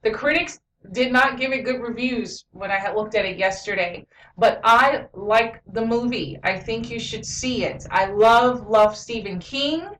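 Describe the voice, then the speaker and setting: A woman's voice: fairly high pitch, measured pace, fairly bright tone, a little hiss or hum. A woman giving a casual movie review and retelling scenes with lots of "you know" fillers. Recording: roomy echo, mic at a distance.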